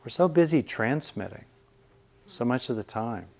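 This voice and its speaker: A man, a meditation teacher, giving a relaxed, conversational Buddhist dharma talk with wry humorous asides. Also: mid-range voice, moderate pace, vocal fry.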